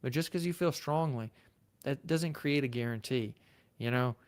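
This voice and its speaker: A man's voice: mid-range voice, normal speed, clean tone. A man with a Southern US accent, a lawyer hosting a livestream, who answers viewer questions in a casual, chatty way and thinks aloud. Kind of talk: live Q&A, reading viewer comments.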